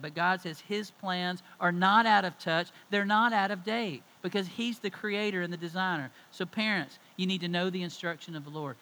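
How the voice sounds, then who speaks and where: A man's voice: high voice, pushed and bright, rough recording. A middle-aged man preaching a sermon, emphatic and conversational as he tells stories. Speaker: pastor.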